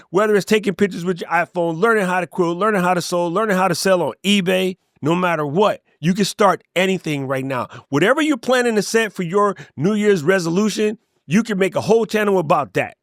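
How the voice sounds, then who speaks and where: A middle-aged man giving an energetic, conversational motivational talk to camera, with playful asides. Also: high-pitched, no room sound, studio quality. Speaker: YouTube creator and coach.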